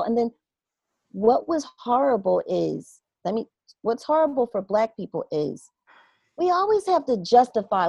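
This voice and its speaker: A woman's voice: fairly high pitch, measured pace, vocal fry, slightly rough, no room sound. Earnest woman telling a story, dry sound. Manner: animated, acts out her own inner reactions; earnest and reflective. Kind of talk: casual conversational storytelling.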